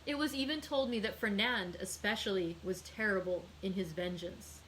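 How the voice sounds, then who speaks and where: Lady librarian reading a novel aloud, steady clear storytelling, mid pitch. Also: normal speed, a little hiss or hum, rough recording. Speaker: librarian hosting a read-aloud.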